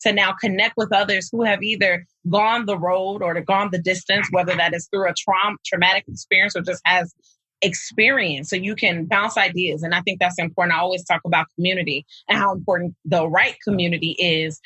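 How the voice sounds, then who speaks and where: A woman's voice: fairly low pitch, fairly even intonation, a little fast, bright, forceful tone, husky, no room sound, low-quality recording. A woman hosting an interview, reflecting on her guest's points and circling back with small restarts. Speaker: podcast host. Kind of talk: interview conversation.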